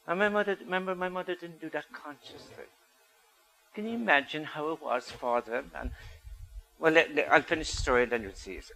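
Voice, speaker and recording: A man's voice: fairly high pitch, creaky, pushed and bright, rough recording. An older man giving a storytelling talk to an audience, asking them questions as he goes. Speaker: speaker.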